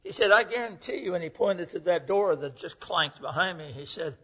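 Earnest elderly preacher, husky. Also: male voice, high voice, expressive, brisk, hardly any pauses, a bit bright. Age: 80s. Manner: folksy, earnest, acts out quoted voices. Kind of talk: sermon with storytelling. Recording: muffled lo-fi recording.

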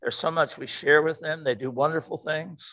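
In a church sanctuary, an older man preaches emphatically to his congregation, repeating his key words. His voice is a little high and sharp, steady in tone at normal speed, and the recording sounds dull and lo-fi.

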